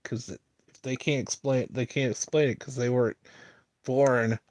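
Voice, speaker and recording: Man, mid-pitched, dry close sound; loose rambling streamer delivering a mocking monologue. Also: fairly even intonation, normal speed, darkish tone, no echo. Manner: rambling, filler-heavy, mocking.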